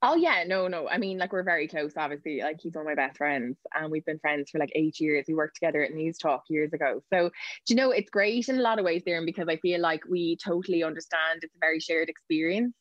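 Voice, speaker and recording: A woman with an Irish accent, a news reporter chatting as a podcast guest, telling quick anecdotes and laughing often. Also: low-pitched, dry recording, highs cut off. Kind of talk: casual podcast interview.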